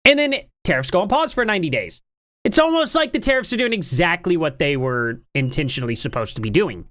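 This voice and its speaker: A woman's voice: low voice, sing-song, quick pace, a bit bright, dry recording, studio quality. A woman streamer giving casual, sarcastic commentary on a clip, full of rhetorical questions. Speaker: streamer reacting to a debate clip.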